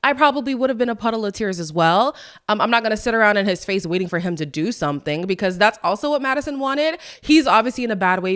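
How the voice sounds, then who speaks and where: A young adult woman hosting a casual recap podcast. She talks in a chatty, animated way and quotes people in playful voices. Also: medium pitch. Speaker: podcast host.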